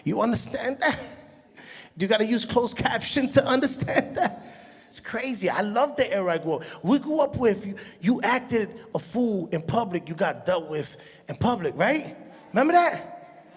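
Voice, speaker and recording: Speaking at normal speed with a breathy edge, a middle-aged comic of Puerto Rican heritage gives a lively stand-up routine in a high voice. He portrays his mother with high shrieks, and the big hall adds long reverb.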